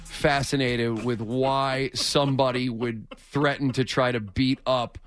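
A man hosting a sports talk radio show, chatty and quick to laugh as he takes calls. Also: medium pitch, steady tone, a bit bright, no room sound, faint music behind. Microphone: studio mic.

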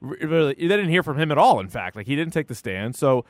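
Animated man chatting on a podcast. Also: quick pace, no room sound, studio quality. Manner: animated, acts out quotes in a high voice. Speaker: podcast co-host. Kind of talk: casual chat.

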